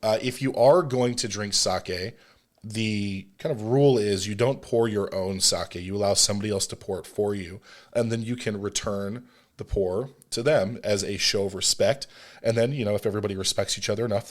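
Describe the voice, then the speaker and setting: A man's voice: fairly low pitch, steady tone, brisk. A man hosting a solo podcast, explaining food etiquette in an emphatic way with scolding asides. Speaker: podcast host.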